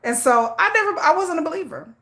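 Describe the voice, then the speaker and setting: A middle-aged woman hosting a livestream, telling a story in blunt, laughing, animated casual chat. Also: very high voice, fast talker. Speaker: livestream host.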